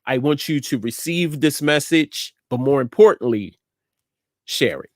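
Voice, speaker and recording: A man hosting a live studio show, giving a slow, repetitive, emphatic word of encouragement and signing off to viewers. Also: mid-range voice, animated, dry recording. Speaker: host and inspirational speaker. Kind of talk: encouraging message and show sign-off.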